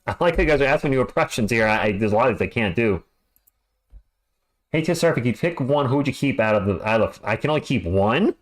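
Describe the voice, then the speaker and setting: Middle-aged man, live play-by-play streamer, jokey banter, lively swinging pitch, mid-range voice. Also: fast talker. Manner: animated, jokey, chatty.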